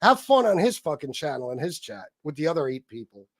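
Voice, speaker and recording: A man hosting a live stream, reading the chat aloud and giving shout-outs, swearing heavily in a combative, angry way. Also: a little high, big pitch swings, a little fast, dry recording, studio quality. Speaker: livestream host reading chat.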